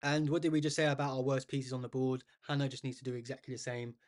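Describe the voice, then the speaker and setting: A man's voice: mid-range voice, fairly even intonation, quick pace, darkish tone. Chatty man commentating live chess. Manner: chatty, addresses viewers as guys, thinks aloud with restarts.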